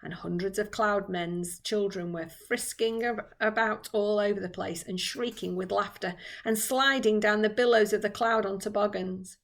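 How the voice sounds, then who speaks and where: A woman's voice: medium pitch, fairly even intonation, moderate pace, few pauses. A woman teacher reading a children's book aloud with dramatic expression.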